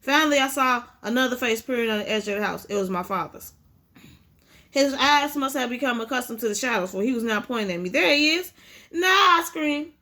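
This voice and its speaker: Woman reader, fairly high voice, amateur memoir read-aloud with stumbles. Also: fast talker, a bit bright. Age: adult with a child. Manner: unpolished reading with frequent restarts. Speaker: audiobook reader.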